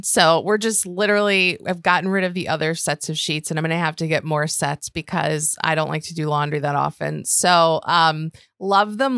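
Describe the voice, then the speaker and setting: A woman's voice: fairly low pitch, vocal fry, dry recording, studio quality. A woman co-hosting a podcast in casual chat, gushing and exaggerating for effect. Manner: gushing, expressive, fond of dramatic exaggeration. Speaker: podcast co-host.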